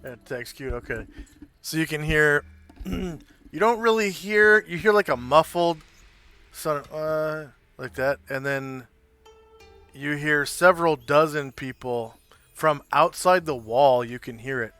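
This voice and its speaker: Slow, crisp-voiced man running a tabletop game. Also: a little high, pushed and bright, faint music behind. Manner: unhurried, descriptive, loosely improvised. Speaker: game master. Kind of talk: narrating a tabletop game live.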